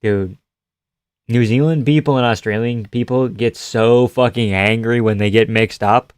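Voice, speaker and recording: A man streaming live fight reactions, chatting casually and swearing as he answers chat, breaking into loud yells at the big moments. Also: mid-range voice, steady tone, measured pace, clear, resonant tone, no room sound, clean studio sound.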